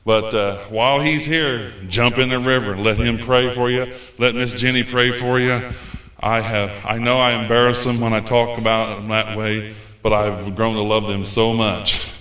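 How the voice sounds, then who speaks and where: A man preaching a folksy, animated sermon as a visiting preacher. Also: mid-range voice, normal speed, few pauses. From United States. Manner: folksy, animated, acts out quoted voices. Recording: echoey room.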